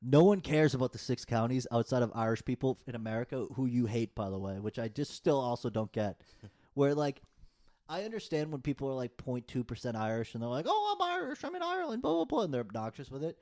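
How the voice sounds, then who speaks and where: A man's voice: mid-range voice, fairly quick, dark tone. A young man, chatting on a podcast in long, rambling, profane rants. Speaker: podcast co-host. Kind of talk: casual chat.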